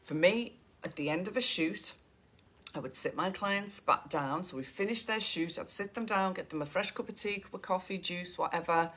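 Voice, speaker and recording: A woman's voice: fairly low pitch, moderate pace, a bit bright. A middle-aged woman giving a chatty, direct coaching talk to photographers and calling them "guys".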